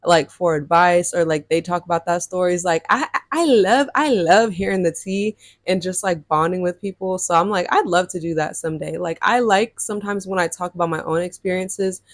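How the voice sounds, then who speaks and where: A woman's voice: fairly low pitch, moderate pace, few pauses, dry recording, clean studio sound. A woman in her early twenties telling a storytime to her viewers, chatty and full of fillers. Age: 20s. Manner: chatty, lots of fillers, animated retelling. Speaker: vlogger. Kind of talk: casual storytime chat.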